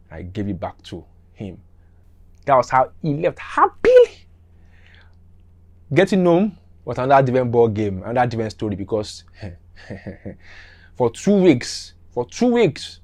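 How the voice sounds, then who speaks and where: A middle-aged man with a lowish voice casually tells a tale from when he was young. Animated, he repeats himself and brings the scenes to life with sound effects and small side comments.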